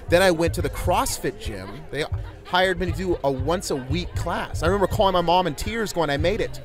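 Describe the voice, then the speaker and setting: A man, a weightlifter, telling his career story in an excitable, animated way during an outdoor interview at a competition. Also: on the high side. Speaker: weightlifter guest.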